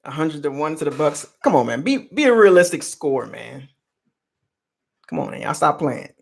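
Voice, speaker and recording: Animated man bantering with live chat. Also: fairly high pitch, moderate pace, creaky. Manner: animated, teasing chat-room fans. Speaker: sports channel host. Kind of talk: live-stream chat about football.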